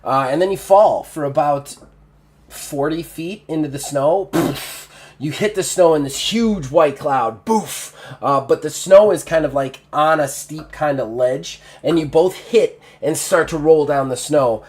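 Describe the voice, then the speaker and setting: A man's voice: a little high, measured pace, a little mellow. A man running a tabletop game as game master, casual, swearing and laughing as he narrates.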